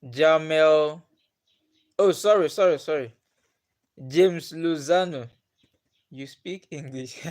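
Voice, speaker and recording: A young man with a Nigerian accent hosts a casual live stream, reading out viewers' names and chatting with them. He talks at an easy, drawn-out pace in a slightly high voice and laughs often between questions. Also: a little mellow. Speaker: livestream host.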